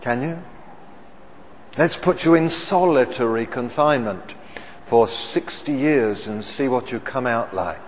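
Slow, booming preacher in a reverberant hall. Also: male voice, slight background noise. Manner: questions the congregation, swells loud on key words. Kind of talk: sermon.

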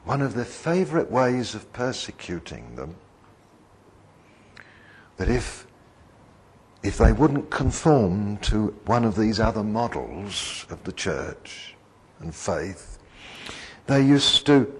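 A man's voice: fairly low pitch, big pitch swings, slow pace, long pauses, husky. A man preaching a sermon in a conversational, digressive way, often putting questions to the congregation.

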